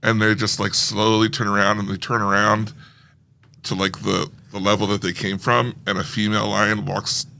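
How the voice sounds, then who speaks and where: A man's voice: lowish voice, level tone, moderate pace, vocal fry, sharp tone. A man co-hosting a film podcast, joking around in casual chat with short replies. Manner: jokey, laughs often, short replies. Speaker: podcast co-host.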